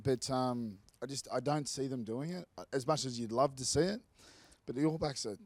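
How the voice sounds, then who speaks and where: A man's voice: mid-range voice, moderate pace, darkish tone, no echo. A man co-hosting a podcast, chatting casually about rugby, swearing freely and stumbling over his words. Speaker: podcast co-host. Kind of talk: casual sports banter.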